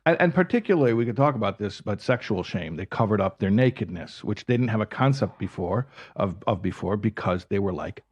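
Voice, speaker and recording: A man with a low, slightly husky voice explaining ideas in a reflective talk. He builds each point step by step and returns to his key words for emphasis. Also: animated, brisk, few pauses, a little mellow, muffled recording. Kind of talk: reflective conversation.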